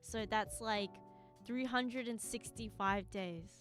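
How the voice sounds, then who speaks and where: A young-sounding woman with a bright, clear, fairly high voice chats loosely with her stream audience. She rambles from thought to thought, full of "like" and "you know", breaking into giggles. Faint music plays softly behind her. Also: slow. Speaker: live streamer. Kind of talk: casual chat with viewers.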